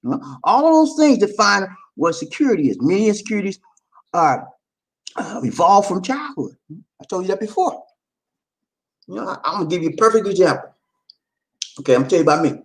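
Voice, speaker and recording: A man delivers motivational relationship advice straight to his audience. His voice is animated, with a wide, lively pitch range, and his manner is preachy and insistent, with frequent check-ins. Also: fairly quick, long pauses. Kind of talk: motivational advice talk to viewers.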